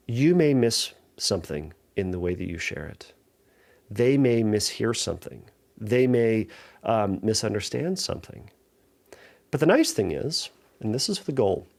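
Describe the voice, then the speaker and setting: A middle-aged man hosts his own podcast as a therapist, talking through a listener's worry in an earnest, reassuring way. His pitch sits in a normal middle range but swings widely as he stresses points. He often stops and restarts as he thinks aloud. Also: gravelly, darkish tone. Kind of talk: solo podcast advice talk.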